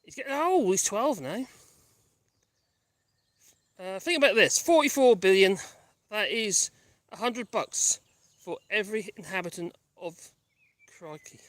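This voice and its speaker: Lively high-voiced man rambling. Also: a little slow, pauses often, no room sound. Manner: rambling, wry, easily sidetracked. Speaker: vlogger. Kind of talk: casual chat while walking dogs. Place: outdoors in the countryside.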